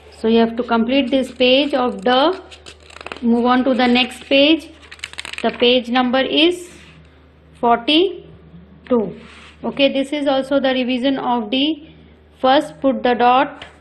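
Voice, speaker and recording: A woman teaching children cursive handwriting, giving slow step-by-step instructions and repeating each stroke. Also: on the high side. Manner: switches between English and Hindi.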